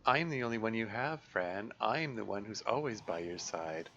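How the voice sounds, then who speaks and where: A man voicing a sinister, manipulative shadow self who speaks in a low, coaxing way. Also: animated, moderate pace, pushed and bright, lo-fi sound, slight background noise.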